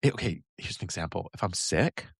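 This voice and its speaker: A man's voice: deep voice, lively intonation, fairly quick, vocal fry, fairly bright tone, slightly rough, no room sound, clean studio sound. A man who is a guest on a podcast, talking casually in a rambling way, laughing often. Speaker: guest, habit coach. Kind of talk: casual conversation.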